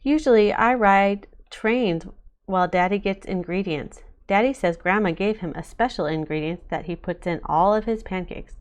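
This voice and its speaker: A woman reading a children's picture book aloud in a bright, expressive storytelling way. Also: mid-range voice, normal speed. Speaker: storybook reader.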